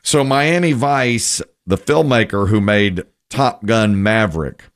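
Deep-voiced chatty male radio host. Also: takes it slowly, no room sound, clean studio sound. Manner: chatty, storytelling, opinionated. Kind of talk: casual entertainment chat.

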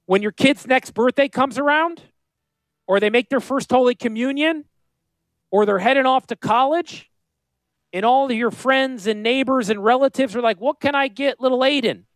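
A man with a northern US accent hosting a radio show, talking in a high-pitched voice, joking and rambling off on tangents. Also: no room sound. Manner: animated, joking, goes off on tangents. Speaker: radio show host and financial planner.

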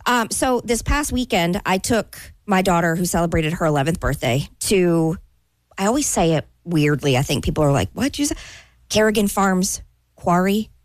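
A woman co-hosting a casual talk show, telling stories with lively voiced asides. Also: lowish voice, moderate pace, no room sound. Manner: animated storytelling, lively quoted asides. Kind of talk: casual chat.

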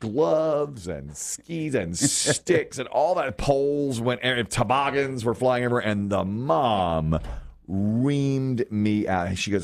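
A man hosting a talk show, telling funny stories in a casual, animated way. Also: slow, gravelly. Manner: animated storyteller, lively pitch swings. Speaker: radio show host. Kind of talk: casual chat with co-hosts.

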